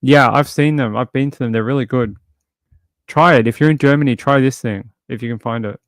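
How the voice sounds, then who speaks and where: A man hosting a livestream, chatting casually and a little rambling. He reads viewer comments and tosses in playful jokes. His voice sits mid-pitch and sounds close and dry. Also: brisk, no echo. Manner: chatty and rambling, many fillers and restarts; jokey, playful asides. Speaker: livestream host.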